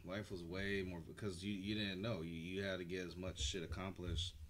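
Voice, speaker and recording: A man co-hosting a podcast, chatting casually and swearing freely, getting animated when riled up. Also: low-pitched, normal speed, a little hiss or hum. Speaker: podcast co-host. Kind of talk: casual chat.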